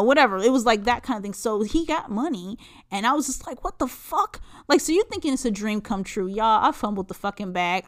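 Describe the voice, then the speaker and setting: A young adult woman hosting a podcast, telling a story in a casual, candid and animated way, swearing often and talking freely to her listeners. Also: medium pitch. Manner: animated, profane, fast-shifting; self-described introvert, candid. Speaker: podcast host.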